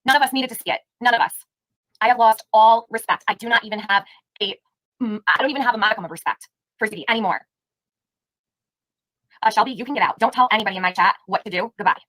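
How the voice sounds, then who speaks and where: A woman's voice: on the high side, fast talker, long pauses, fairly bright tone, dry recording, poor audio. A woman hosting a live stream, giving heated, indignant commentary and firing rhetorical questions at her chat. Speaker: livestream host.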